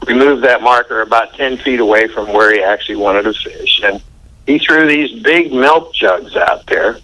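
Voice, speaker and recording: An older American man telling stories in a relaxed, folksy way during a casual interview, with plenty of fillers. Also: lowish voice, rough recording. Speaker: interview guest.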